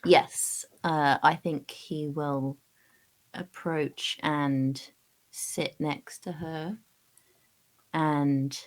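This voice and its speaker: A woman playing a tabletop game, her voice on the low side. She talks in a hesitant, stop-start way. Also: steady tone, very slow, rough recording. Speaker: player. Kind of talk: casual play talk.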